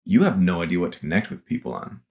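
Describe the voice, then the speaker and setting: A man's voice: low voice, big pitch swings, quick pace, gravelly, darkish tone. A young man chatting casually about life abroad as the host, laughing often and swearing now and then. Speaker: field director, podcast host. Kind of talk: casual chat.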